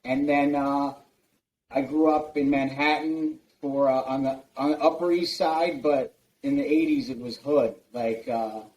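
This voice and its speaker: A man's voice: mid-range voice, fairly even intonation, measured pace, a little mellow, poor audio. A man in his forties from New Jersey, a guest telling loose stories full of fillers and swearing in a casual interview. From United States, New Jersey. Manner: loose, profane storytelling with many fillers.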